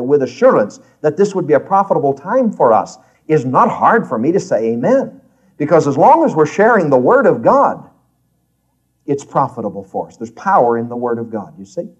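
A man's voice: on the high side, dull audio. A man teaching a Bible class in an earnest, emphatic, folksy way.

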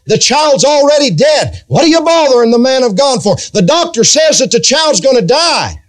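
A man doing fussy naysayers, high whiny pitch, dismissive. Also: very animated, normal speed. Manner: whining, dismissive.

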